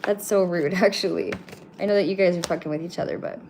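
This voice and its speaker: A woman's voice: fairly low pitch, steady tone, quick pace, a little mellow, a little hiss or hum. A woman from Canada hosting a casual livestream from her home, talking bluntly to her viewers, swearing freely and teasing the chat. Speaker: livestream host. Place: home room with pets.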